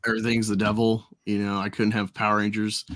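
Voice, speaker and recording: A man's voice: lowish voice, completely flat delivery, fast talker, a bit bright, dry recording. A man hosting a casual chat, rambling and laughing often.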